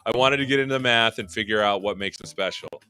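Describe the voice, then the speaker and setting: Male livestream host, bright and lively, self-deprecating jokes, soft music in the background. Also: fairly low pitch, fast talker, clean tone, dry recording. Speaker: show host. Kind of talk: casual livestream chat.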